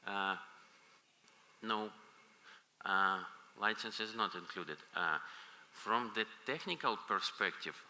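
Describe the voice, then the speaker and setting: A man presenting at a conference and answering audience questions, pausing often with filler sounds. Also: on the low side, pushed and bright. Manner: halting, many filler pauses. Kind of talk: technical Q&A. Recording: reverberant conference hall, faint noise.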